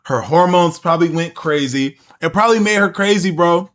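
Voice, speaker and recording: A man's voice: a little high, a little fast, a bit bright. A man streaming a casual reaction, talking bluntly and jokingly with slang and swearing.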